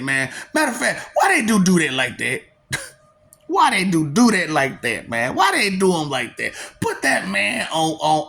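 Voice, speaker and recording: A man doing a rambling comedic monologue, laughing often, swearing and taunting, dropping to low mutters and jumping to high excited bursts. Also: vocal fry. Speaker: vlogger.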